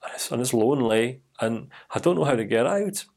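A man's voice: medium pitch, lively intonation, brisk, creaky, darkish tone. A man voicing a desperate young man trapped in a hole who pleads and calls out for help. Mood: weary.

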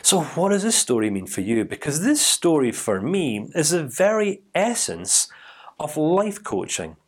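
A male life coach tells a story in a dramatic, animated way, often restarting his sentences. His voice is fairly high and very lively, swooping up and down. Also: a little slow, husky. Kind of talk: storytelling to camera.

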